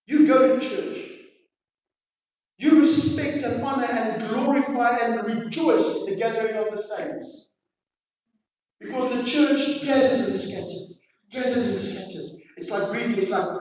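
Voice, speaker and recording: A pastor preaching a sermon, pushing hard on his exhortations and then dropping to quiet, dramatic lines. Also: extremely high pitch, measured pace. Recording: distant, echoey hall, dull sound.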